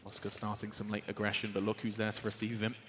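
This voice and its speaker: A man giving live play-by-play commentary as an esports caster, wry and quick, rising to loud shouts on big plays. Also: lowish voice, completely flat delivery, background noise. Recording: game gunfire and clicks behind.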